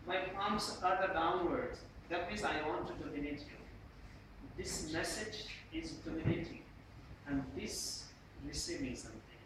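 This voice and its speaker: A man's voice: sits high, normal speed. Lecturing man with a Bangladeshi accent. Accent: Bangladeshi English. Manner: animated, repeatedly asks "Clear?" and "Yes?". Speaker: presentation skills lecturer. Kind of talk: classroom lecture with demonstrations. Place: university classroom. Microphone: camera at the back of the room. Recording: echoey classroom from far off, noisy.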